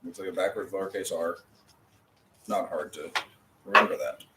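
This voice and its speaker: Patient male teacher, low voice, roomy. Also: steady tone, moderate pace. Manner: patient, explains step by step. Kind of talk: classroom lesson. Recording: roomy, from a distance, faint noise.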